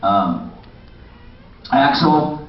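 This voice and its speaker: A man's voice: medium pitch, expressive, very slow. A middle-aged man telling rambling stories on a convention panel, restarting his sentences often. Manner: rambling anecdotes with many restarts. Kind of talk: casual panel storytelling. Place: large convention hall. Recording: echoey hall, far, dull and muffled.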